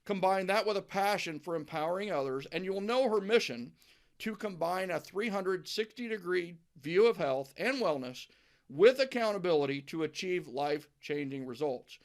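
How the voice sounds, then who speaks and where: A man's voice: sits high, animated, moderate pace. Emphatic man hosting a podcast. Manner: emphatic, repeats words when starting sentences. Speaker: podcast host. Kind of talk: enthusiastic interview chat.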